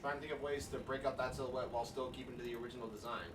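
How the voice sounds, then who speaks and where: A man's voice: mid-range voice, fairly even intonation, racing, fairly bright tone, recorded from a distance, a little hiss or hum. A man chatting casually with his partner during her art stream, easygoing and teasing. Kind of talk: casual chat.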